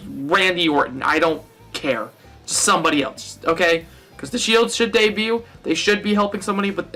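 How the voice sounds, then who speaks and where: A young man with a high-pitched voice talks through a casual fantasy-booking monologue. His tone is bright and sharp, and he rambles, often correcting himself and tossing in jokes. Faint music plays behind him. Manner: rambling, self-correcting and jokey. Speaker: wrestling fan vlogger.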